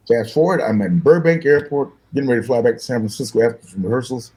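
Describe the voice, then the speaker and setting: An older man, a guest musician, telling animated, fast-paced stories in an interview and acting out the voices of the people in them. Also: mid-range voice, poor audio. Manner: fast-talking, acts out voices in his stories, laughs often.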